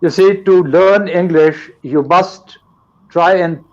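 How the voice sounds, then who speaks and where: An older man from Pakistan lectures slowly and carefully, spacing out each phrase. His voice sits a bit high for a man and comes through dull, lo-fi live stream audio. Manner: slow, deliberate, lecturing. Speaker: guest teacher. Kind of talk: live online English lesson.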